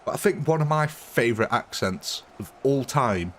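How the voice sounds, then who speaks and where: A man's voice: medium pitch, animated, normal speed, a bit bright, slight background noise. A man from Britain chatting casually while live-streaming a game, self-mocking and laughing often. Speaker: gaming streamer.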